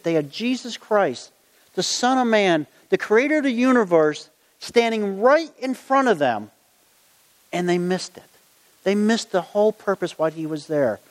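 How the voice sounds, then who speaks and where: A middle-aged man preaching a sermon, earnest and conversational as he tells stories from his own life. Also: high voice. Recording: long hall reverb.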